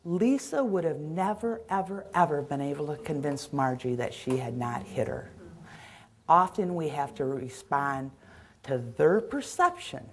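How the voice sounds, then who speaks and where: A middle-aged woman giving a caregiving seminar, telling stories from her work in an earnest, animated way. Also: deep voice, measured pace. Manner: earnest, storytelling, acts out scenes. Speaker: dementia caregiving trainer. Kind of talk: seminar storytelling.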